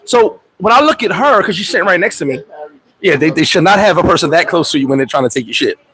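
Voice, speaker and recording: Expat guy on a livestream telling a story, swears a lot, high voice jumping all over. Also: fast talker, low-quality recording. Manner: profane, animated storytelling. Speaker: vlogger. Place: Dominican Republic.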